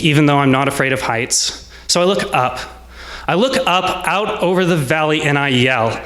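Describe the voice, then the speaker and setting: A man in his twenties telling a personal story on stage, in a measured, reflective way with short present-tense lines. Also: a little high, fairly bright tone. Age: 20s. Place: small salon event space.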